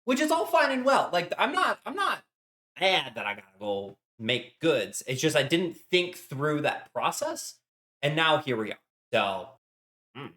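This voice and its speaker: A man's voice: a little high, wildly swooping pitch, a little slow. Bubbly young man chatting while baking. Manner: bubbly, rambling, greets chat warmly with repeated hellos. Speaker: streamer. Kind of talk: casual live-stream chat while baking. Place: home kitchen.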